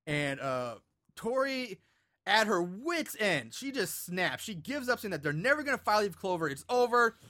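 Podcast co-host, male, bright voice, casual profane movie recap. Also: high-pitched, very animated, normal speed. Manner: loose, profane plot recap with restarts. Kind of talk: casual chat.

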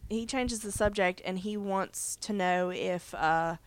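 Woman podcast co-host, stuffy, animated and chatty, dry close mic. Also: mid-range voice, unhurried, clear, resonant tone, no room sound. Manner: chatty, animated, lots of fillers. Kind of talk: casual chat recapping a TV episode.

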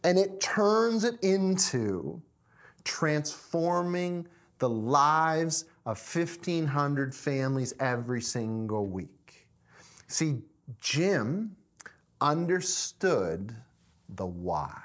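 A man preaching, telling a story with lots of repetition. He slows down for dramatic pauses, then speeds up again. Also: on the high side, big pitch swings. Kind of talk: sermon storytelling.

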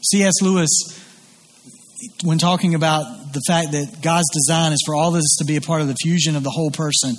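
A male pastor preaches in a high, slightly husky voice, earnest and emphatic as he circles back over his phrases. His words ring out with the long reverb of a large church hall. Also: fairly even intonation, a little fast. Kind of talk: sermon.

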